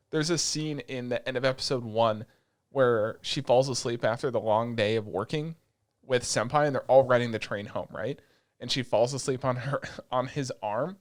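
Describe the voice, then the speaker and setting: A young man co-hosting a podcast, recapping an anime in casual chat, animated, swearing freely and breaking into quick asides. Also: medium pitch. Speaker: podcast co-host.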